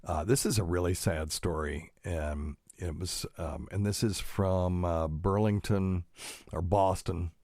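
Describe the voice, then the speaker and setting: A man's voice: low voice, steady tone, a little slow, darkish tone, dry recording, studio quality. A middle-aged man hosting his own podcast as a doctor, talking casually with lots of fillers and pedantic asides. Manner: rambling, pedantic, many fillers. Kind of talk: casual solo podcast talk.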